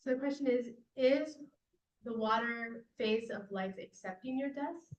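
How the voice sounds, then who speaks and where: A woman lecturing a class, relaxed and thinking aloud, often checking whether listeners follow. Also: on the high side, measured pace, dull audio. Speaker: guest lecturer. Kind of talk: lecture with audience questions.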